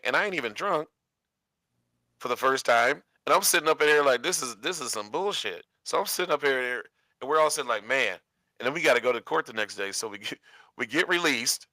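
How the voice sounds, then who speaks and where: With a mid-range voice and no room sound, this man shares a long personal story casually. He's animated, laughing and acting out what people said.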